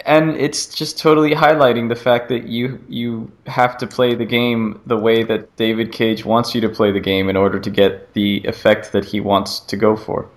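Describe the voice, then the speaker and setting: A man with a lowish voice talks through a video game demo in a loose, rambling way. He keeps circling back and trying out the lines the characters say. The talk is a relaxed podcast chat between friends. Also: moderate pace, few pauses. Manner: rambling, animated retelling with acted-out quotes. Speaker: podcast co-host. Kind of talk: casual gaming chat.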